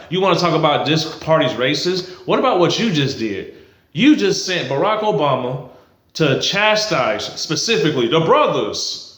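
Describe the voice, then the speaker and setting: A man's voice: fairly high pitch, a bit bright, reverberant. A man giving a heated, blunt and profane political rant to camera, repeating himself for emphasis. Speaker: political commentary vlogger. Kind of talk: ranting to camera.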